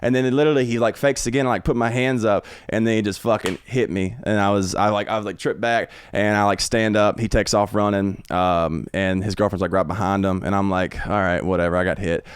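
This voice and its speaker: Fast-talking comedian telling a rambling story. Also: male voice, lowish voice, steady tone, clear, resonant tone, no echo. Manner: rambling, profane, many restarts and laughs. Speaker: guest comedian. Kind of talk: casual storytelling on a podcast. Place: home man cave studio.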